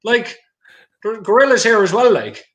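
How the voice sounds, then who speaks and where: A young Irish man with a County Clare accent hosts a relaxed livestream. His voice sits on the high side, and he chats easily, swears casually and reads out viewer comments as they come in. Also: normal speed, muffled recording. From Ireland. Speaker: livestream host.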